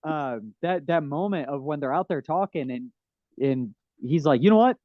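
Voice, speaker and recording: A fairly high-voiced man co-hosts a casual podcast chat, full of gushing enthusiasm and acting out scenes in quick put-on voices. His voice sounds dry and close, with no room around it. The recording is a little dull and lo-fi. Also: dry recording. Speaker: podcast co-host.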